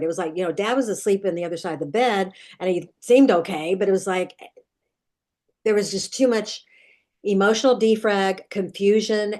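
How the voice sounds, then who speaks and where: Recounting a nightmare from her childhood, a middle-aged dream expert speaks in a mid-range, darkish voice during an interview. The story is earnest and richly detailed but broken up by many restarts.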